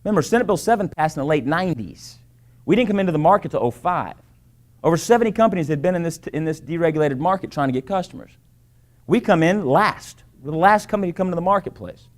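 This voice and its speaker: A man's voice: on the high side, lively intonation, quick pace. A man giving an emphatic sales presentation to a live audience, repeating key phrases and checking in with "right?" and "okay?". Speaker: business presenter.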